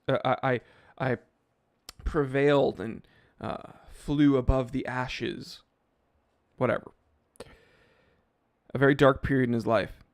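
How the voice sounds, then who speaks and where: A man's voice: medium pitch, dry recording, clean studio sound. A male watch YouTuber hosting a live stream, reacting to a page with sarcastic commentary, talking to his chat and building up to mock-angry rants. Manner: talks to chat, many fillers.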